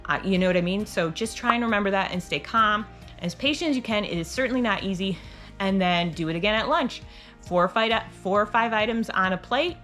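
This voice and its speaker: A woman's voice: mid-range voice, expressive, brisk, fairly bright tone, faint music behind. Chatty woman host with rambling restarts. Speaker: homeschool channel host. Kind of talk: casual advice talk to camera.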